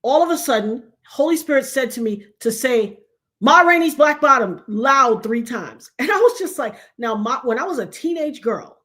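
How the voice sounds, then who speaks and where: Animated storytelling woman in her fifties. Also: sits high, normal speed. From New York. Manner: animated, dramatic retelling with loud outbursts. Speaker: show host. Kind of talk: casual storytelling chat.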